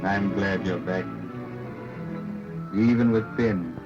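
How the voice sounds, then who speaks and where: An actor playing a smooth, persuasive husband, a lawyer, with coaxing, urbane delivery in a 1930s film. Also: male voice, sits low, steady tone, slow pace. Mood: warm. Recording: muffled early sound-film audio with music.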